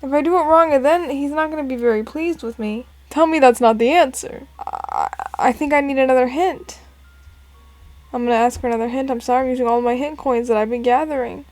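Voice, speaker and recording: A woman's voice: high voice, a little fast, a little mellow, dry recording. A woman casually commenting and reading aloud while playing a puzzle game, chatty and self-deprecating. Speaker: gameplay narrator. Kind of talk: casual let's play commentary.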